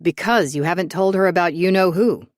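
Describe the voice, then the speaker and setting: A woman's voice: lowish voice, a little fast, dry recording, studio quality, natural voice. A woman voicing a cocky, teasing young man who is breezy and bossy, in a story reading.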